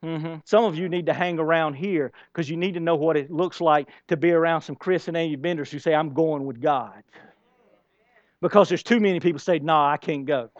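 A man preaching a sermon, telling the story in a conversational way and swinging between hushed and loud, emphatic passages. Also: a little high, fairly even intonation, fast, few pauses, no room sound, dull audio. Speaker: pastor. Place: church.

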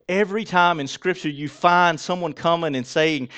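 Male pastor with a slightly raised pitch; preaches conversationally, quizzing the congregation, dropping soft then getting loud. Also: normal speed, few pauses, clear, resonant tone. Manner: conversational, asks the congregation rhetorical questions; switches between soft and loud for emphasis. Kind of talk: sermon.

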